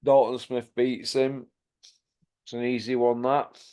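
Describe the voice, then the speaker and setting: A man's voice: medium pitch, little pitch movement, a little slow, darkish tone, clear, resonant tone. A man hosting a casual boxing chat, blunt and sweary, laughing often. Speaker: host.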